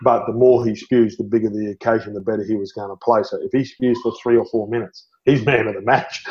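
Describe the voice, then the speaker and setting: A man's voice: lowish voice, quick pace, few pauses. A middle-aged Australian man tells stories as a podcast guest, his voice rising and speeding up when the tale gets good, with laughs breaking through. The audio is a little dull and muffled, like a simple podcast setup. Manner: animated storyteller, laughs often, says "mate". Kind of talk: storytelling interview.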